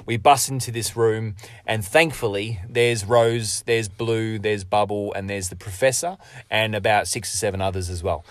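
A man's voice: lowish voice, steady tone, moderate pace, dry recording. Swearing man telling a game story. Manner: swearing, laughing, acting out quotes. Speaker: podcast co-host. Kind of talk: casual storytelling of a role-play game.

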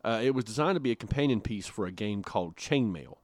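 A man's voice: lowish voice, animated, fast, no echo. A man co-hosting a podcast in casual, joking chat, with frequent filler words. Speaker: podcast co-host.

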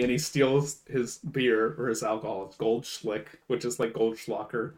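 Animated man retelling a movie. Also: mid-range voice, normal speed. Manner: animated, acts out quotes in raised voices. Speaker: podcast co-host. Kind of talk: casual chat, retelling a movie.

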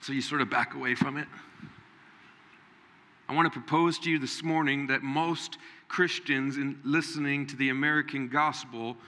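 A man preaching a Sunday sermon with a very bright, forceful voice. He talks straight to the congregation and jumps into a higher voice to act out Bible figures. His voice rings with the long reverb of a large hall. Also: normal speed. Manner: animated, acts out Bible figures in raised voice. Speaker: pastor.

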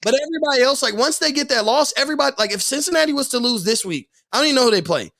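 A young man in casual sports podcast chat, animated and repetitive, saying "like" and "bro" a lot. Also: extremely high pitch, racing, gravelly, a little hiss or hum. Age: young adult. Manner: animated, repeats himself, says "like" and "bro" a lot. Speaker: podcast guest.

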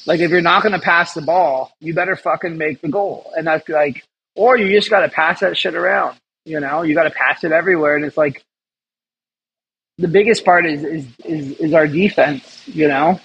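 A man's voice: on the high side, normal speed, fairly bright tone, slightly rough, lo-fi sound. A man, a chef, chatting casually as an interview guest, rambling and swearing, laughing often. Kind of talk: casual chat.

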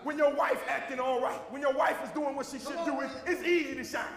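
A man preaching a sermon as pastor, with a Southern American accent, shouting and repeating refrains to a responding congregation. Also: very high voice, fairly quick. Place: church sanctuary with congregation. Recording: echoey hall recording.

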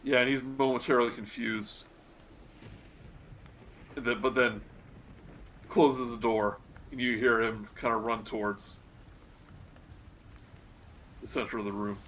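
A man narrating a tabletop game as game master, casual and halting, with fillers. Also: mid-range voice, flat delivery, a bit bright, slight background noise, rough recording.

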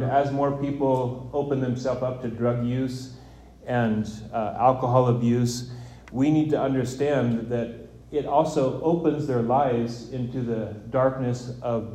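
A man preaching a sermon, telling a personal story in a relaxed way with fillers. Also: medium pitch, reverberant.

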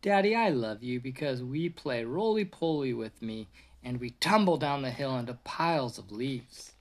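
A father reading a picture book aloud to his toddler in a gentle storybook voice, with a short cheerful hello to his viewers. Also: medium pitch, expressive, normal speed.

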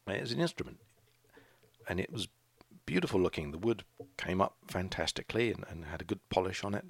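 A man's voice: low voice, expressive, quick pace, gravelly, slightly rough, dry recording. A middle-aged man hosting a casual solo podcast, rambling and hesitant with frequent restarts. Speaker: podcast host, craft shop owner.

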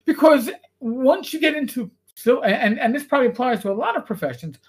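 A man who is a former police officer, co-hosting a podcast and telling stories in an animated, freely swearing way. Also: very high voice, brisk. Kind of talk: casual chat, storytelling.

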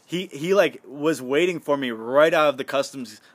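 A man's voice: fairly high pitch, moderate pace, dry recording. A young man from the United States telling a story in casual podcast talk. He swears a lot and fills his speech with "like" and "dude.". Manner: animated, swears freely, many fillers like "like" and "dude". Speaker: podcast guest.

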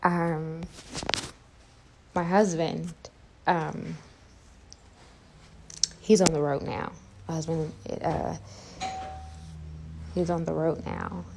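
A young woman telling a personal story to her viewers, halting with many fillers and restarts. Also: sits low, little pitch movement, gravelly, noisy background. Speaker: vlogger.

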